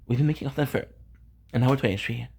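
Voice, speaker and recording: A man's voice: medium pitch, quick pace, creaky, a little mellow, slightly rough. An upset man venting about his neighbors in a home vlog, repeating himself and swearing. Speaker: content creator. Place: home balcony.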